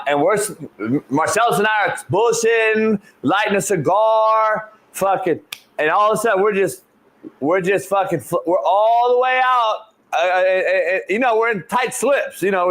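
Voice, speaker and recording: A man's voice: high voice, a bit bright. A man hosting a podcast, telling a story in casual chat, swearing freely and calling people "homie". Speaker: podcast host.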